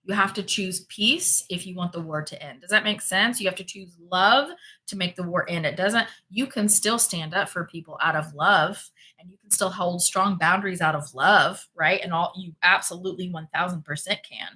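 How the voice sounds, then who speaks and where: Bright-voiced, chatty woman host. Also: lowish voice, moderate pace. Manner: chatty, emphatic, repeats herself. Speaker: host of a spirituality livestream. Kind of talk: casual livestream talk reading viewer comments.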